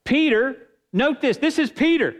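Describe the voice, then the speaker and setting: A man's voice: very high-pitched, expressive, measured pace. A man preaching a sermon as pastor, reading scripture aloud and building emphasis.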